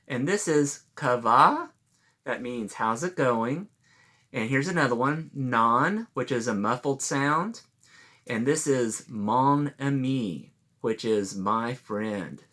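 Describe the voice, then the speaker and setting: A man reading a picture book aloud to children, stopping to explain words for them. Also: medium pitch. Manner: warm, explains words for kids.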